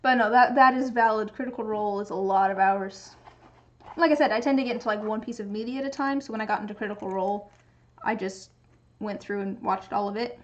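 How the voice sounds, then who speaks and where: Talking quickly in a medium-pitched, fairly even voice, this woman from the Pacific Northwest rambles through casual chat while streaming her crafting, often starting over. Her light regional American accent comes through a lo-fi recording.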